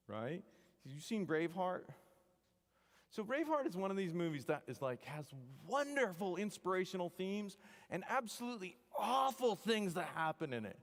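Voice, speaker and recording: A man, an engineering professor, giving a joking, animated devotional talk to students, full of wry asides. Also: a little high, normal speed. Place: chapel hall. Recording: long hall reverb.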